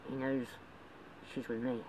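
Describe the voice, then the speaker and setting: A man's voice: medium pitch, flat delivery, measured pace. A man talking in a rambling, emotional way in a homemade drama, with frequent laughs. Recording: distant mic with loud background noise.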